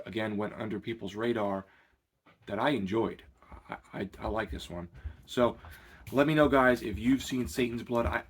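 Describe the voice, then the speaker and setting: A man talking loosely through a horror film review as a channel host, rambling and conversational. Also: on the low side. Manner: rambling and conversational, with many fillers. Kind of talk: casual spoken film review.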